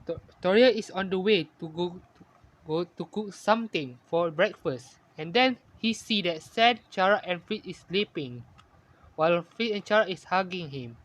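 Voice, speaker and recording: A man narrating a fan-made story in halting, ungrammatical English, often correcting himself. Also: high voice, animated, fairly bright tone.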